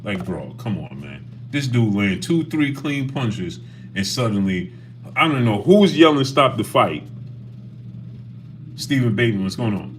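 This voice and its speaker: Lively low-voiced man hosting a livestream. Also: normal speed, a little hiss or hum. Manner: animated, greets chat viewers by name. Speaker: boxing livestream host. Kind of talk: casual livestream chat.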